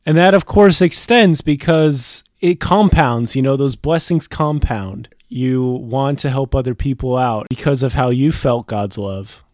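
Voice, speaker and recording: A young adult man telling a personal story in a chatty, animated way, full of casual fillers. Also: medium pitch, dry recording, clean studio sound.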